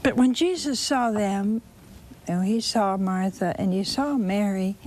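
A woman preaching a sermon, telling a scripture story slowly and expressively with dramatic repetition. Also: mid-range voice, a little mellow, a little hiss or hum.

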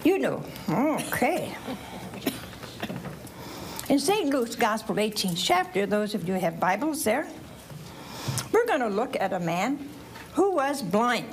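Slow and pausing often, a woman with a fairly high pitch preaches in church over a little hiss or hum. Her storytelling sermon for children and families is animated, full of questions for the audience and acted-out voices.

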